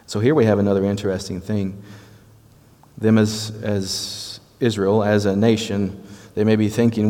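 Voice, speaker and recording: Southern guy teaching scripture, lowish voice, chatty and explaining, long echo of a big hall. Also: flat delivery, moderate pace, warm tone. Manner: conversational, explanatory, frequent restarts. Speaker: preacher. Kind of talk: sermon-style Bible teaching.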